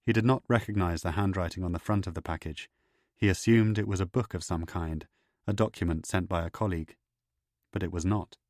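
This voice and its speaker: A man narrating a thriller audiobook in a measured, steady way. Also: low-pitched, dry recording, studio quality.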